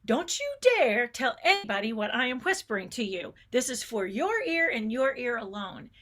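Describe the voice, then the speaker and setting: A woman voicing her old schoolteacher, a booming Southern lady who mock-threatens her pupils. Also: very animated, normal speed, a bit bright. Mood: mock-stern.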